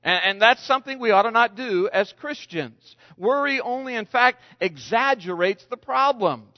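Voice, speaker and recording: A man's voice: extremely high pitch, animated, normal speed. A man preaching a sermon, telling stories with restarts and acted-out quotes. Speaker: pastor. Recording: dull lo-fi sound with long reverb.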